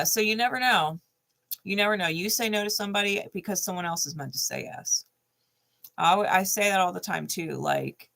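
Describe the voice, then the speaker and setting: A woman's voice: lowish voice, sharp tone. A middle-aged woman giving a casual tarot card reading, blunt and profane, laughing often.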